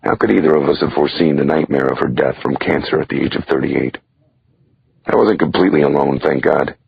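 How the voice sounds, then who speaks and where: It's a brisk thriller audiobook reading by a man whose wry first-person voice is extremely deep, rough and strongly husky. The sound is dry and a bit dull, much like lo-fi audio.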